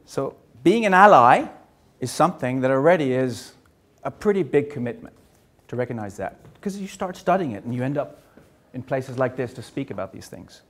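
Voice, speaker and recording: A man in his sixties from Germany, giving a personal talk on a stage, earnest and measured, often repeating words. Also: medium pitch, animated, a little mellow. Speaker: speaker.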